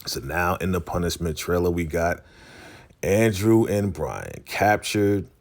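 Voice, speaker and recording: A man's voice: deep voice, expressive, unhurried. A man casually recapping a TV episode, talking animatedly and acting out the characters' lines. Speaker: show recap host.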